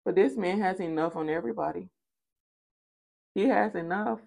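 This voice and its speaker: A woman's voice: lowish voice, moderate pace, vocal fry, a little mellow. A woman giving a spoken tarot reading, casual and chatty, repeating phrases for emphasis. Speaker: tarot reader.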